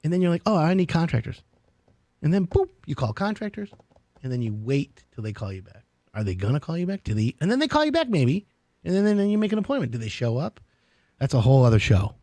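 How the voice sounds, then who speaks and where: A man hosting a home improvement radio show, chatty and animated, jumping between excited asides and mock grumbling. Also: fairly high pitch, fast talker, no room sound. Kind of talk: lively radio talk.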